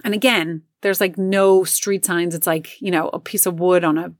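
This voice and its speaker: A woman's voice: fairly low pitch, fairly even intonation, moderate pace, no echo, clean studio sound. A middle-aged woman telling a personal story in a casual, chatty way, full of fillers and acted-out quotes. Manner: chatty, filler-heavy, acts out quotes in raised voices.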